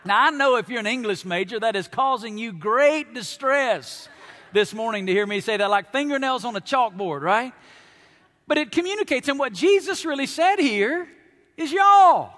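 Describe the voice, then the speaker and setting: A man from Alabama with a Southern accent, preaching a sermon as pastor, emphatic and animated with playful asides to the congregation. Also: extremely high pitch, moderate pace. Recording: long hall reverb.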